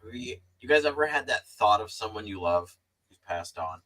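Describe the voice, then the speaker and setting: Low-voiced male panelist, lively storyteller, loose and profane. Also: moderate pace, rough recording. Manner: animated storyteller, swears casually. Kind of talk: casual chat.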